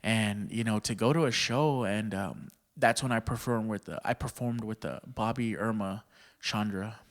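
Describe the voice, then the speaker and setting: A man's voice: on the low side, moderate pace. A man from Texas, a stand-up comedian, telling stories casually on a podcast in profane slang and laughing often.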